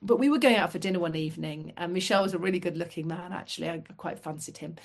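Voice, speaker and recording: A middle-aged woman from the United Kingdom, a podcast guest telling lively anecdotes with self-deprecating asides. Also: fairly low pitch, quick pace. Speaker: guest, former fast jet pilot. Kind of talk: casual storytelling.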